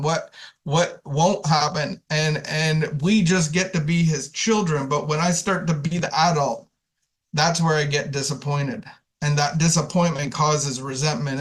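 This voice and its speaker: Man, slightly high voice, casual spiritual talk, conversational, frequent restarts and repeated words. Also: fairly bright tone. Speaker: speaker sharing at a recovery community.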